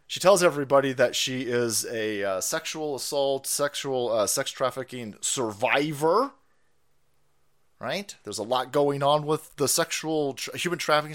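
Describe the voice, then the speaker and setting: A man's voice: a little high, fairly bright tone. A man hosting a stream, ranting in profane commentary, laughing and mocking people in put-on voices. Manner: foul-mouthed, laughing, mocking impressions. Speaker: streamer host.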